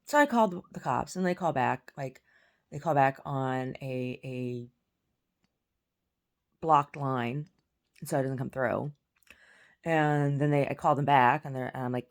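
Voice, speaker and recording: At home, a woman vlogger with a low voice delivers a casual, angry rant at a moderate pace, telling her story with profanity and stammered restarts.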